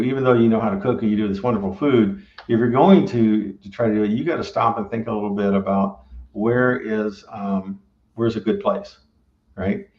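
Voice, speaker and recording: A man who owns a barbecue restaurant gives rambling, casual advice and keeps tagging his sentences with "right?". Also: lowish voice. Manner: rambling, filler-heavy, keeps asking "right?". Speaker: restaurant owner and pitmaster. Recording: roomy, dull lo-fi sound.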